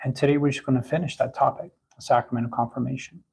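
A man giving a catechism lesson, talking in a halting way with many restarts and fillers. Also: medium pitch, vocal fry, darkish tone, slightly rough, low-quality recording. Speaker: catechism teacher.

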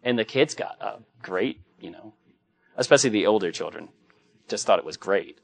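A man's voice: on the low side, expressive, moderate pace, gravelly. A middle-aged man, a Catholic priest, giving a conversational homily full of joking anecdotes. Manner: anecdotal and joking, acts out quoted voices.

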